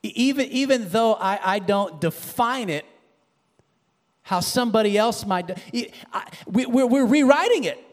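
A man preaching a sermon, animated, building to shouted emphasis and dropping low again. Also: moderate pace, long reverb tail.

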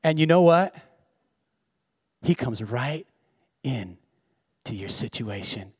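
A pastor preaching a sermon, moving from hushed, tender storytelling to loud, shouted exhortation. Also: male voice, mid-range voice, animated, slow, long pauses, breathy edge, no echo, clean studio sound.

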